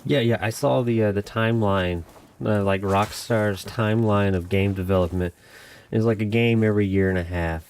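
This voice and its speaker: A man's voice: fairly low pitch, steady tone, moderate pace, a little mellow, slight background noise. An American man hosting a casual podcast, rambling and joking with a lot of laughs. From United States. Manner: jokey, rambling, laughs often. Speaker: podcast host.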